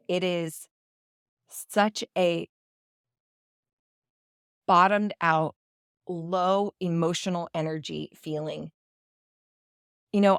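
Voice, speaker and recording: A woman's voice: lowish voice, no room sound, studio quality. Candid woman telling a personal story. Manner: candid, confessional, acts out quoted dialogue. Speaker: podcast host.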